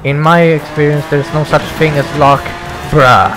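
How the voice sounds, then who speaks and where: Young guy, hyped let's play commentary, swears a lot, kinda high voice, game music loud behind. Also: moderate pace. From Sweden. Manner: excitable, exclaiming and swearing, rambling. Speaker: gaming YouTuber. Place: home gaming setup, no face cam. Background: racing game music and engine sounds.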